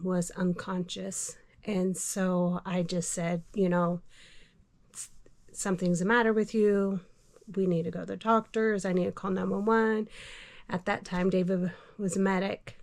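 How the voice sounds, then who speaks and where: A middle-aged woman vlogger telling a personal story in a casual, hesitant way, with many pauses and fillers. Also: medium pitch, a little mellow. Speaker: homestead vlogger.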